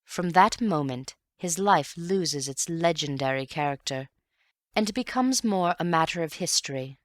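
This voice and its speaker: A woman with a low voice reads a classic mystery aloud in a measured, wry way. The sound is dry and close, with no room around it. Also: animated, dry recording. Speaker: audiobook narrator. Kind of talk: scripted narration.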